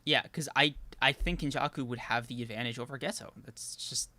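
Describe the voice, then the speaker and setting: A man's voice: medium pitch, brisk, bright, forceful tone, no room sound. A man co-hosting a casual anime podcast stream, laying out his argument step by step and laughing easily. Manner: argumentative, laughs often, hedging fillers. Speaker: podcast co-host.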